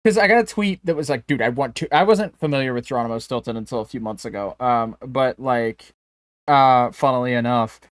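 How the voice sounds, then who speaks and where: A man's voice: mid-range voice, fairly quick, dry recording, clean studio sound. A man co-hosting a podcast, telling rambling jokey stories with lots of restarts in casual chat. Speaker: podcast co-host.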